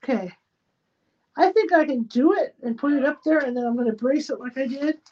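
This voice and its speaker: A woman with a fairly high voice hosts a casual live stream from a spare room at home. She talks her way through each step of a craft project, often half-muttering to herself. The recording sounds dull and lo-fi. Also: fairly quick, darkish tone. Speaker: livestream host. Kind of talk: casual running commentary while crafting. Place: spare bedroom at home used as a studio. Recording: dull lo-fi sound with faint noise.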